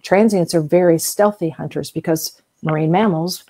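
A woman's voice: on the low side, normal speed, dark tone. A middle-aged woman from the US South, a guest expert in an interview, explaining at length in a chatty way with everyday comparisons and frequent fillers. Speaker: whale museum guest expert.

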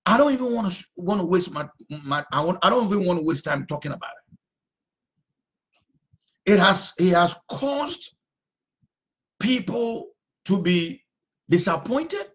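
Man preaching, high voice, swooping pitch, emphatic, repeats himself. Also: very animated, measured pace, long pauses. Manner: emphatic, repeats phrases, sometimes shouts. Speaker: pastor. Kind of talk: sermon.

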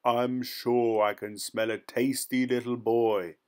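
A man's voice: mid-range voice, little pitch movement, takes it slowly, darkish tone, lightly acted. A man voicing a huge, angry, man-eating male giant in a storybook reading, growling and bellowing. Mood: menacing.

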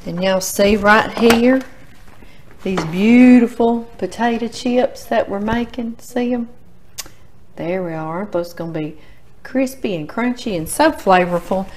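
A woman's voice: medium pitch, a little slow, slight background noise. A middle-aged woman with a Louisiana Southern accent, hosting a casual cooking demonstration in a home kitchen and chatting folksily straight to her viewers. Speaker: cooking show host.

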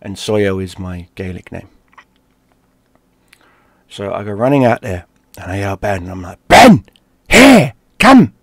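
Telling a story from his own life, a gaming streamer from London speaks in a low voice at a moderate pace, leaving long pauses. He is lively and swears freely, performing the shouted lines, and the audio is close and dry without room echo.

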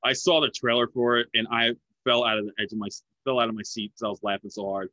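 This is a man in his forties from the United States who hosts a podcast and chats like a film buff, laughing readily during a relaxed interview. He speaks quickly at medium pitch with fairly even intonation and a pushed, bright tone. The lo-fi recording is dry and dull.

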